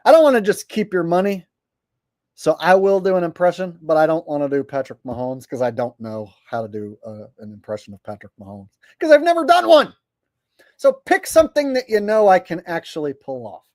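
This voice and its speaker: Recorded with no echo, this livestream host speaks a little fast in a fairly high, expressive voice with a darkish tone. He reads viewer super chats out in mocking voices and rants bluntly and profanely, clearly exasperated, in a casual chat.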